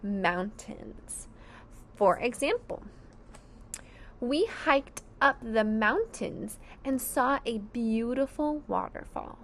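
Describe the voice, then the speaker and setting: A woman's voice: a little high, lively intonation, takes it slowly, a bit bright, a little hiss or hum. A woman teaching a phonics lesson to young children, sounding out each word syllable by syllable with careful enunciation.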